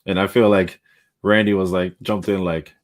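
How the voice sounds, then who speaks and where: A man's voice: low voice, normal speed. A man hosting a podcast, chatting casually and acting out quotes with a lot of laughter. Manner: animated storytelling, acts out quotes, laughs often. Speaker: podcast host. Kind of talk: casual chat.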